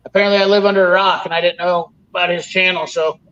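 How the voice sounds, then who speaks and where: A man's voice: high voice, little pitch movement, fast, a bit bright. A man hosting a casual chat, rambling through stories and swearing freely. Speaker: podcast host. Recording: dull lo-fi sound.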